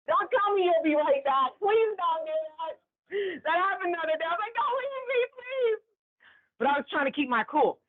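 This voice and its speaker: A woman with a high voice runs a staff training session. She talks in a lively, chatty way and keeps checking in with the group. The sound is thin and phone-like. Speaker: workplace trainer. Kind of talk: classroom training talk. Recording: tinny phone-like recording.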